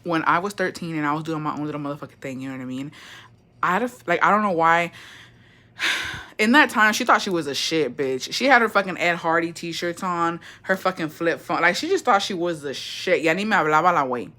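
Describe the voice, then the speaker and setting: Woman, 20s, bright voice, swears a lot, gossipy storytime livestream host. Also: lowish voice, fairly quick. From Mexico. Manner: chatty, profane, gossipy, reads chat aloud.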